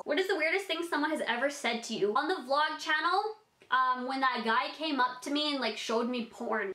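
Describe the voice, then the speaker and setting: A woman's voice: a little high, sharp tone, reverberant. A young adult woman answering fan questions in a bubbly, rambling vlog chat, full of "like". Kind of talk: casual Q&A vlog.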